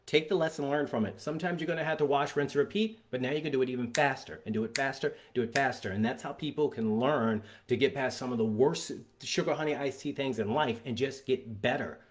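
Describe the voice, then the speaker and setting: A man, a father, giving an energetic and emphatic motivational talk about fitness and getting unstuck. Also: mid-range voice, a little fast, few pauses. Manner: energetic, emphatic, acts out scenes in voices.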